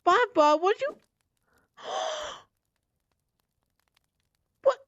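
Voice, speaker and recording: A woman voicing a bossy female robot doll in a toy play-acting video, scolding and demanding answers loudly. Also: very high voice, very animated, drawn-out words, dull audio, exaggerated voice. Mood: alarmed.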